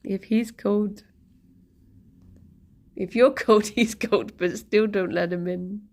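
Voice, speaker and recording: A woman's voice: mid-range voice, steady tone, slow, long pauses, a little mellow. A young woman chatting casually on a live stream at home, rambling with lots of restarts and giggles. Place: home, sat on the floor with pet rabbits.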